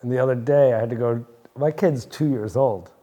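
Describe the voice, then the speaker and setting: A man's voice: mid-range voice, brisk, dark tone. Man, 40s, from New Jersey. Interview guest: loose, rambling, swears a lot, laughs easily. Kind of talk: casual chat.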